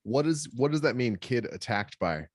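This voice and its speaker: Man reacting with quick questions. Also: mid-range voice, expressive, dry recording, studio quality. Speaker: podcast co-host. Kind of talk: casual chat.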